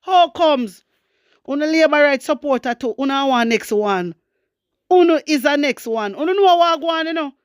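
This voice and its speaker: A Jamaican woman with a high-sitting voice talks briskly through casual political commentary, recorded clean in a studio with no echo. Animated and switching between patois and English, she reads news excerpts aloud and speaks directly to her viewers, whom she calls wisdom warriors.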